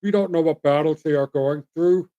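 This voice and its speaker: A man's voice: on the high side, moderate pace, dark tone, muffled recording. A middle-aged man from Canada hosting his own show, rambling bluntly and folksily as he talks straight to his viewers. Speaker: host. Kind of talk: opinionated solo commentary.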